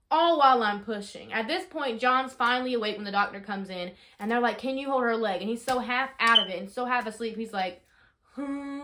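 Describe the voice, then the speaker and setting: A young woman in her twenties, telling a story casually in a vlog, chatty and full of fillers, shouting out the dramatic parts. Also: a little high. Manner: chatty, animated, lots of fillers, rises to shouting in re-enactments. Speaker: vlogger.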